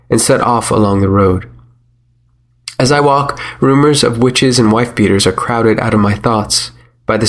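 A man narrating a first-person story in a measured, wry manner. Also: medium pitch.

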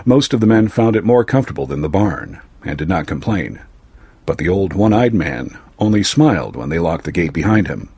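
A scripted fantasy story is told by a man whose voice is low and a touch husky, his reading calm and measured. There is no echo and no room sound, just a close, dry recording.

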